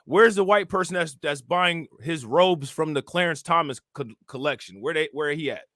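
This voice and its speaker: Recorded with studio quality and no room sound, this young man's slightly high, somewhat bright voice moves at a normal speed. As a livestream political commentator, he rants profanely and casually at his chat, repeatedly firing rhetorical questions at them.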